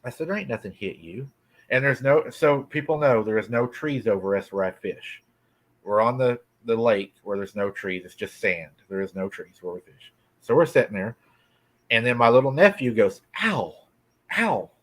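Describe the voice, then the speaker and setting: A folksy middle-aged man spins a spooky campfire-style tale with an easy drawl. His voice sits at an ordinary pitch and moves at a relaxed, conversational pace. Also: normal speed. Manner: folksy, drawling, laughs often. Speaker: guest telling a cryptid encounter. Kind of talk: casual storytelling. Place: rural farm home.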